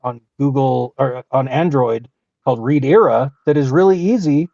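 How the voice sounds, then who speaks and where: A man's voice: medium pitch, moderate pace, mellow, no room sound, highs cut off. A man co-hosting a podcast, talking casually and opinionatedly, with frequent restarts. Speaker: podcast co-host.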